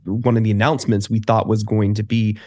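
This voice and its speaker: A man's voice: fairly low pitch, level tone, brisk, darkish tone, dry recording. A man co-hosting a podcast in casual chat, eagerly jumping into the conversation. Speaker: podcast co-host.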